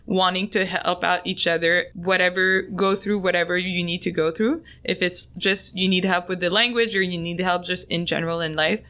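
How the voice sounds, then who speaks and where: A woman's voice: fairly low pitch, steady tone, moderate pace, hardly any pauses, fairly bright tone. A woman co-hosting a casual podcast, supportive and chiming in with agreement. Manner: supportive, frequent agreeing murmurs. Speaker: co-host. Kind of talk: casual chat.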